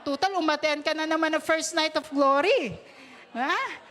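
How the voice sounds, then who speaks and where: High-voiced Filipino woman pastor preaching. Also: normal speed, fairly bright tone. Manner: switches between Tagalog and English, laughs often, draws out quoted words. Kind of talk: sermon.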